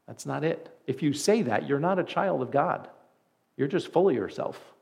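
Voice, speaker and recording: A man's voice: on the high side, expressive, normal speed, gravelly, darkish tone. A man preaching a sermon as pastor, earnest and conversational, with emphatic repeats.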